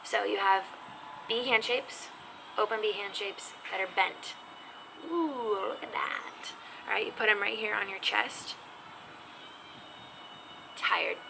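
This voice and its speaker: A woman gives a casual sign language lesson from her home, teasing herself and sometimes dropping to a whisper. Her voice has a gravelly edge. The recording carries a steady layer of background noise. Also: mid-range voice, takes it slowly, pauses often. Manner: chatty, self-teasing, drops to whispers. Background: neighbor's music faintly heard.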